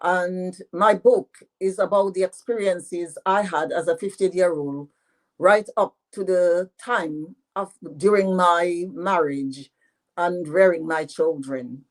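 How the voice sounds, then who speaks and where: A woman's voice: lowish voice, low-quality recording. Elderly woman, Dominican patois accent. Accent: Dominican French patois. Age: 80s. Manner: unhurried storytelling, many repeated "you know" fillers. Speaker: author guest. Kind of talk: interview answers.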